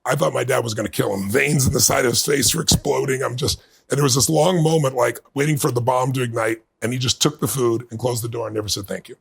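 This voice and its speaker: A middle-aged man being interviewed, telling a personal story in earnest and building to bursts of excitement. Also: mid-range voice, fast talker, hardly any pauses. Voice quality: gravelly, husky. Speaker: guest.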